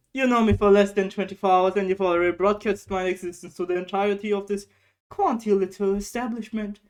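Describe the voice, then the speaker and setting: A snooty talking book, put on by a woman from a cozy game, speaking loud and full of dry, condescending sarcasm. Its wording is stiff and formal, and soft game music plays underneath. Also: medium pitch, close to an everyday voice.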